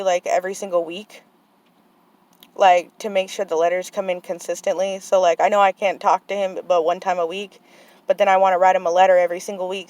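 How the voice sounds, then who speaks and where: A young woman vlogging in a heated, frustrated monologue, full of "like" and "you know". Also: medium pitch. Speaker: vlogger, aunt of a boarding-school student.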